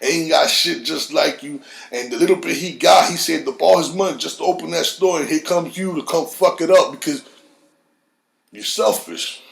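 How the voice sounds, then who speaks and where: A middle-aged man hosting a podcast, delivering a heated, profane solo rant that swings from low mutters to high shouts. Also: moderate pace, creaky, roomy sound. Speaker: podcast host.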